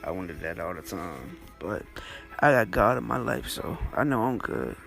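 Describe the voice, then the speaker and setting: A man telling stories in a casual monologue, blunt and swearing freely, with soft music behind him. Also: animated, normal speed, gravelly. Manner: blunt, swears freely, wide swings in pitch. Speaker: storytelling vlogger.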